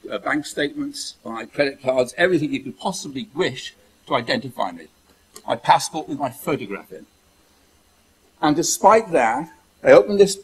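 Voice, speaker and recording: A man from the United Kingdom talks in a husky, slightly breathy voice at an ordinary pitch. He speaks emphatically and repeats his phrases as he recounts events. He acts out the dialogue in his story. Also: poor audio. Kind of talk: monologue telling a personal story.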